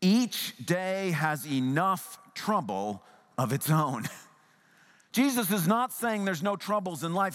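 A pastor preaches a sermon in an earnest, conversational way, his voice sitting high and sometimes sinking to a soft hush. A long reverb tail trails his words.

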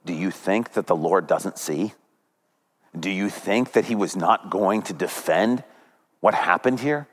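A preacher voicing a stern doom prophet. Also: male voice, low-pitched, measured pace, voice pushed down. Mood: accusing. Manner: grave, accusing questions.

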